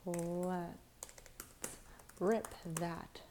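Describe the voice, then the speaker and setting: A young woman hosting a late-night live stream, talking low and softly, half whispering at times so she won't wake anyone. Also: fairly even intonation, extremely slow, slight background noise. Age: young adult. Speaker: livestream host. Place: echoey room at night.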